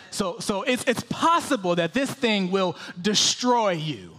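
High-voiced male preacher, dramatic swings. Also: animated, a little slow, hardly any pauses. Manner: dramatic, swings from loud pleading questions to hushed whispers. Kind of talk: sermon.

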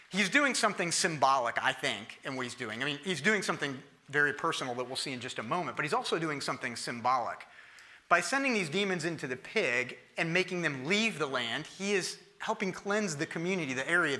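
High, bright-voiced male preacher. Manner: conversational and lively, acting out quoted voices. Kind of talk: sermon.

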